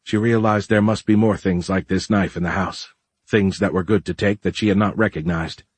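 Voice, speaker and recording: A man reads an audiobook with a low, husky voice in a steady, even manner. The recording is dry and close, with no room sound. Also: moderate pace, no echo. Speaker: narrator. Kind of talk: audiobook narration.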